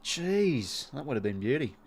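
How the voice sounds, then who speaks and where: Excitable Australian man calling footy live. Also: mid-range voice, unhurried, gravelly, breathy edge. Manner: excitable play-by-play, chatty asides to viewers. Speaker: live stream commentator. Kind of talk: casual live watch-along commentary.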